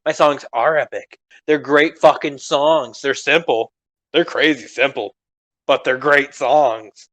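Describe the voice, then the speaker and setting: A young man chats loosely on a podcast, rambling from one thought to the next and swearing as he goes. His voice sits in a middle pitch, a little strained from recent screaming, and he laughs often. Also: takes it slowly, a bit bright. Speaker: podcast co-host. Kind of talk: casual chat.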